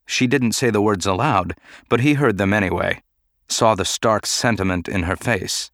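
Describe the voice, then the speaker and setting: A man narrating a novel in a measured, even way. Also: fairly low pitch, dry recording, studio quality. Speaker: audiobook narrator. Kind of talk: scripted narration.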